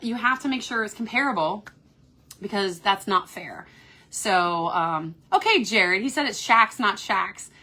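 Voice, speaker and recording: A woman with a Kentucky accent, chatting upbeat and fast from a cruise ship cabin while reading viewer comments aloud on her phone. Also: mid-range voice, lively intonation, bright, forceful tone. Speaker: cruise vlogger host. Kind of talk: casual live-stream chat.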